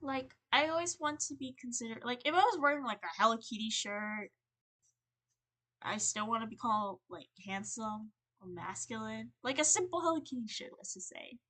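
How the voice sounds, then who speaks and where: A young woman talks casually on a livestream, her voice bright and fairly high. She rambles and halts, with many restarts, sounding earnest and emotional as she vents. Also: expressive, normal speed. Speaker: streamer.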